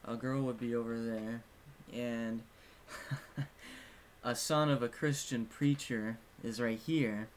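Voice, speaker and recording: A man's voice: mid-range voice, fairly even intonation, slow, slight background noise. A young man telling a personal story in a casual vlog, rambling and frank, swearing now and then. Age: young adult. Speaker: vlogger.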